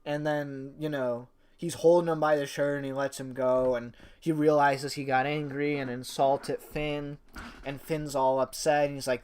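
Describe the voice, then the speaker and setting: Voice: mid-range voice, flat delivery, moderate pace, a little mellow, clear, resonant tone. A wrestling reviewer talking in a casual spoken review, gushing and rambling with many fillers and restarts, and swearing casually.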